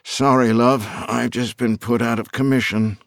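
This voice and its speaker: A man's voice: mid-range voice, fairly even intonation, measured pace, no room sound, clean studio sound, pitched above the performer's own voice, lightly acted. A man voicing an anxious middle-aged businessman who talks in a clipped, tense way.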